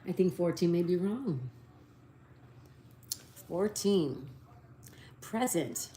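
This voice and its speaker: Woman doing a chill stream, spells stuff out slow, soft low voice, bit of hiss behind. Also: animated. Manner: slow, spells answers letter by letter and reads out viewer comments. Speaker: live-stream host. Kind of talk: casual live-stream chat.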